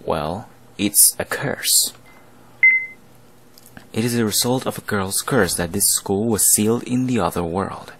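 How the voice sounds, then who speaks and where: A man's voice: lowish voice, unhurried, heavy background noise, natural voice. A man voicing a solemn teenage student council president who explains things formally. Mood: grave.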